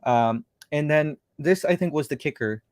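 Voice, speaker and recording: A man's voice: fairly high pitch, moderate pace, darkish tone, no room sound, studio quality. A man hosting a casual livestream chat, rambling and thinking aloud as he talks. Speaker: show host.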